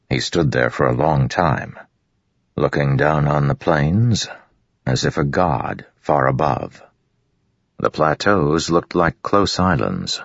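Male audiobook narrator with a gravelly bass voice and a dry, dull sound; reads steadily. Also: no room sound. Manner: steady, even storytelling. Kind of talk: scripted fantasy narration.

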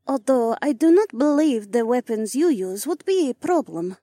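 A man's voice: very high voice, animated, mellow, no echo, studio quality, voice pushed up. A man doing a proud alien woman pilot. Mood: matter-of-fact. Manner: clipped, halting speech with dropped words.

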